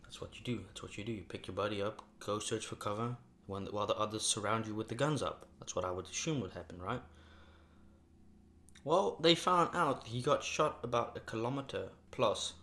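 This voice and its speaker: A man's voice: fairly low pitch, normal speed, pushed and bright. A young man talking casually in a rambling mukbang vlog, swearing freely, recorded in a sparsely furnished room at home that he says echoes. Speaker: mukbang vlogger.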